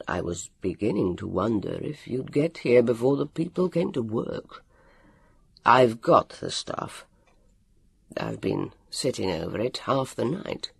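A storyteller voicing a cautious man who speaks low and quietly. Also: wildly swooping pitch, normal speed, creaky, hardly any pauses, breathy edge, heavily acted. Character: cautious man waiting in the cold.

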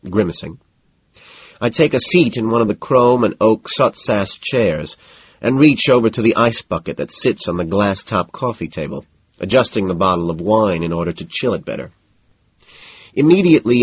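Deep, husky man narrating detachedly. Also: no room sound. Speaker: audiobook narrator. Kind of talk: first-person novel narration. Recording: slightly muffled audio.

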